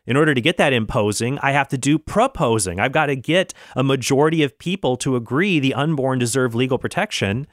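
A man talks through his argument on a solo podcast in an earnest, reasoning manner. He often backs up and restarts his sentences. His voice sits at an average pitch, and the recording is close and dry. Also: fairly quick, hardly any pauses, no room sound. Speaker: Christian podcast host.

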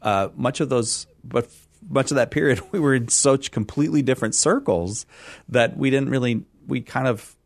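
A man's voice: mid-range voice, normal speed, creaky, dry recording. A middle-aged man from California, a radio guest who talks in a rambling, self-deprecating way and laughs easily. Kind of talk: casual interview chat.

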